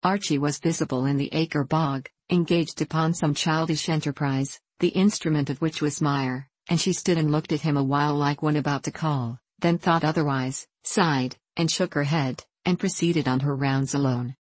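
A woman reading a classic novel aloud as an audiobook narrator, in measured, even storytelling. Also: low-pitched, dry recording.

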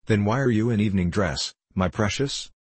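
A man's voice: on the low side, lively intonation, brisk, darkish tone, husky, no echo. Man reading as gushing old landowner. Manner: showers everyone with pet names. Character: effusive elderly male landowner, gushing and fussy. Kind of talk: audiobook play reading.

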